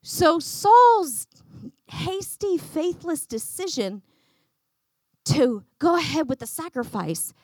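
A woman teaching a Bible lesson to a congregation, animated and acting out the quotes. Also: sits high, slow pace, dry recording. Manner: animated, acts out quotes, laughs often.

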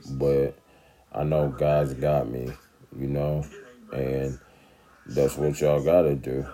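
A man's voice: very deep voice, mellow. A man talking casually to his viewers in a laid-back, rambling way, often checking in with them. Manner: laid-back, rambling, keeps asking "you know what I'm saying". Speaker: vlogger. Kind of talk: casual talk to camera.

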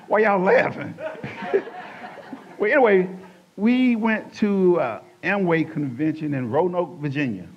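A man with a slightly high voice tells a sermon story from his own life, acting out the voices as he goes. The recording sounds dull and lo-fi. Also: lively intonation, slow, long pauses. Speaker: church speaker giving testimony.

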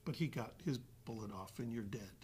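A man telling a guest anecdote in an animated way, acting out the voices of the other people with frequent restarts. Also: mid-range voice, brisk, slightly rough. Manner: acts out quoted dialogue with restarts. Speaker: actor guest.

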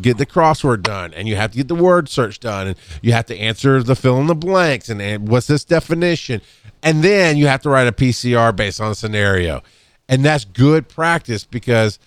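Blunt, animated man hosting a podcast. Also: no room sound. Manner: blunt and animated, swings up in pitch when fired up; laughs often and clears throat. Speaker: podcast host and EMS educator. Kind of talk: casual podcast chat.

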